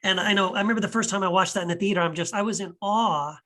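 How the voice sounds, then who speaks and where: A man's voice: sits high, rapid-fire, fairly bright tone. An enthusiastic man hosting a casual podcast chat about films. He rambles, restarts his sentences and voices puzzled rhetorical questions with plenty of animation. His talk is loose and unscripted. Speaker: podcast host and author.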